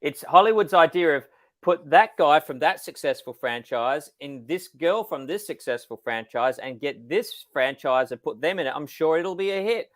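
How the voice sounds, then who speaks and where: A man's voice: on the high side, lively intonation, moderate pace, a bit bright. Easygoing sardonic man on a call. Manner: easygoing storyteller, laughs easily, a bit sardonic. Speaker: filmmaker co-host. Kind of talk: casual chat on a livestream.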